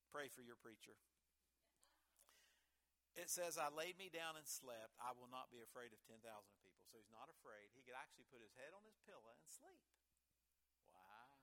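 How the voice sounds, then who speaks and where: A middle-aged man preaches a sermon in a high, bright, forceful voice. He talks in a folksy way and pokes fun at himself. He swings from ringing emphasis down to near-whispered asides. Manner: folksy, self-deprecating asides; swings between loud emphasis and hushed asides. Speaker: pastor.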